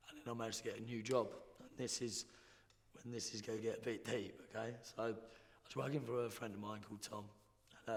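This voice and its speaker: Blunt slangy man in a reverberant hall. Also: on the low side. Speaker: guest. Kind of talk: casual storytelling.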